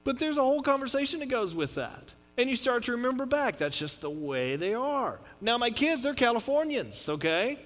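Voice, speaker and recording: With a very high, slightly bright voice and big pitch swings, this middle-aged Texas pastor rambles conversationally through his sermon at a moderate pace, barely pausing, restarting often and adding asides. Long hall reverb and mains hum color the audio.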